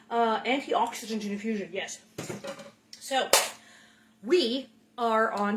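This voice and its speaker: Middle-aged woman, home-kitchen cooking host; chatty, playful, rambling, slightly high voice. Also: slow, long pauses, heavy background noise. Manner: chatty and playful, rambling asides, food noises. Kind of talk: casual cooking chat.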